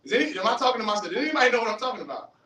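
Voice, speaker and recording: A man giving a fiery street-style religious lecture, animated, questioning the audience and acting out voices. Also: very high-pitched, racing. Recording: roomy, distant mic, faint hiss.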